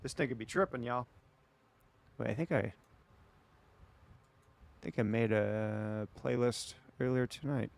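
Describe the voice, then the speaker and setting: A man's voice: medium pitch, a little slow, creaky, pauses often, a little mellow. A man streaming late at night, chatting casually and rambling back at his viewers.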